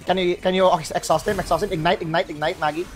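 A woman's voice: fairly low pitch, steady tone, quick pace. A woman streamer joking and trash-talking with friends while gaming. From Philippines. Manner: loud, joking trash talk, swears freely. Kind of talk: casual gaming chat with friends. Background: background music.

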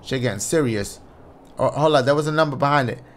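A man giving excitable, profane let's-play commentary on a horror game and talking to his viewers. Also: mid-range voice, quick pace, slight background noise. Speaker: gaming YouTuber.

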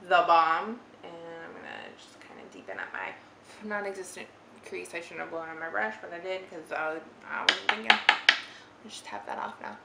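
This young woman's voice is lowish, creaky and animated, and she speaks at a moderate pace while filming a makeup tutorial in a roomy living room. The recording is very noisy with faint ambience, and she chats in a giggly, rambling way full of "like."

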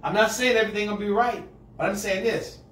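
A male pastor preaching a sermon to a congregation, moving between quiet asides and shouted call-and-response lines. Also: high-pitched, fairly even intonation, fast. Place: church sanctuary with a congregation. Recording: echoey hall, mic far off. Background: congregation answering.

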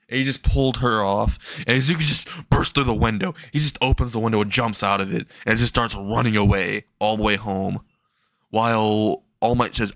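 A man's voice: on the low side, fairly bright tone, no echo. Casual young man telling a crude story. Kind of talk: improvised comedic fan story narration.

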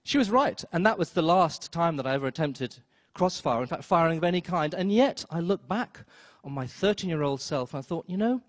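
A man telling a story on stage at a live event, wry and self-mocking, with quick asides and acted-out quotes. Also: on the high side, animated, dry recording, studio quality. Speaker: storyteller, film critic. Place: theater stage before an audience.

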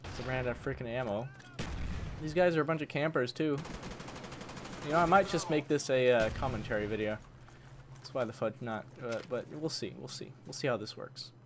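A man narrating his own shooter match in a casual, grumbling way, his voice a bit worn from a long session. He mutters at enemies and swaps curses for milder words. Loud game gunfire and noise sit clearly behind him. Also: mid-range voice, moderate pace. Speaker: gaming channel host. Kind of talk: casual gameplay commentary.

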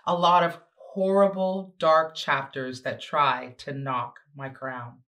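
Speaking slowly in a low, level, slightly bright voice, this woman is a guest speaker addressing teenage girls with a motivational talk. Her exhortations are emphatic and repetitive, broken up by chatty, sassy asides and abrupt changes in pace.

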